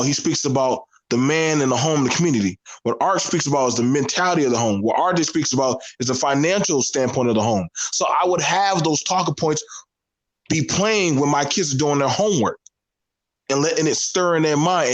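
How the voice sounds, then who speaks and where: A man's voice: fairly high pitch, low-quality recording. A man with a Southern US accent speaking as a guest on a casual panel discussion, earnest and emphatic, often repeating his phrases.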